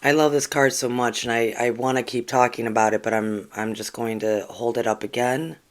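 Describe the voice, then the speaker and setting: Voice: mid-range voice, fairly even intonation, brisk. A spiritual channel host on a casual livestream, reading oracle cards and chatting earnestly to viewers, with lots of ums and restarts. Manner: rambling, with frequent ums and restarts.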